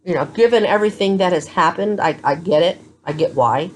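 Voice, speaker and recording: A woman's voice: fairly low pitch, fairly quick, slight background noise. A tired woman vlogging from a hospital room, telling her story to a phone camera in a candid, blunt way. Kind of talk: casual chat to camera.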